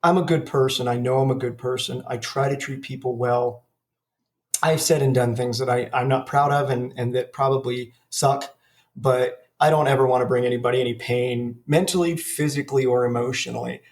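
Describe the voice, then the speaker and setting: A man's voice: medium pitch, steady tone, moderate pace, darkish tone. A man in his forties, a podcast co-host, talking in a profane, ranting casual chat. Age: 40s.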